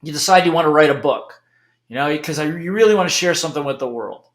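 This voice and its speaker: A middle-aged man giving an emphatic, animated motivational talk, often checking in with "okay?". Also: a little high, fast, roomy sound. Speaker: speaker.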